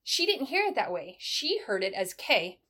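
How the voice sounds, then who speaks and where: With a medium pitch, moderate pace and breathy edge, a middle-aged woman who once served as a military sergeant gives advice during a conversational interview. She tells stories animatedly, voicing bits of dialogue in a brighter tone.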